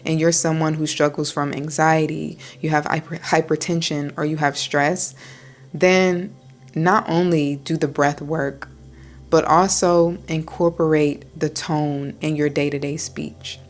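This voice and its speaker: Low-voiced woman speaking slowly and calmly. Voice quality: low, soothing voice. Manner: slow, soft, deliberate speech with pauses. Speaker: wellness vlogger. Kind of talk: calm talking-head vlog.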